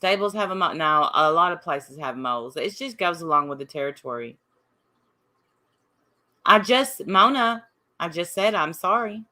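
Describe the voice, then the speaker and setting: On a casual livestream, a woman from Appalachia spars with commenters, reading their messages and answering combatively. Her voice sits on the low side, expressive and bright with a forceful tone, at normal speed.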